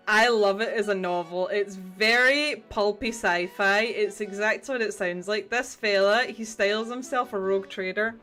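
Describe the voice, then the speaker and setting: A woman's voice: mid-range voice, a bit bright. A woman hosting a livestream, chatting casually and rambling, with frequent restarts and the odd swear. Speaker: livestream host. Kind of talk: casual chat while painting.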